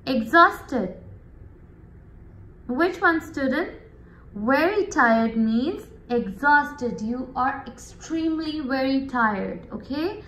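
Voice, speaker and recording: A woman teacher with a high voice explains a vocabulary lesson at a very slow, drawn-out pace. She often stops to check in with her students. The recording has an echoey room sound. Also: fairly bright tone.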